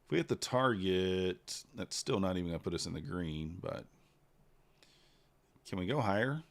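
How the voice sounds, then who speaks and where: A man giving casual live commentary while trading, thinking out loud in an unhurried, low-key way. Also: lively intonation. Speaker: livestreaming futures trader.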